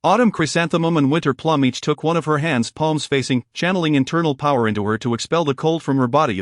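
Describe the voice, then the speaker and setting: A man narrating a story recap in a smooth, even reading without pauses or slips. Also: on the high side, dry recording, studio quality.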